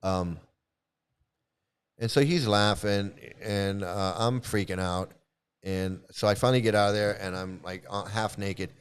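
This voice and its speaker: Halting, low-voiced man telling a story. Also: clean tone. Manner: halting, with many restarts and repeated phrases. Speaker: vlogger recounting past experiences. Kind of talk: casual spoken storytelling.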